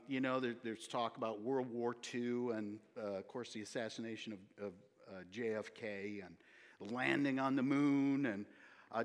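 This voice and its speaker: Male pastor, mid voice, casual storyteller; long hall reverb. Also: medium pitch. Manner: folksy, chatty storyteller with many fillers. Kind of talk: sermon with church announcements. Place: church sanctuary.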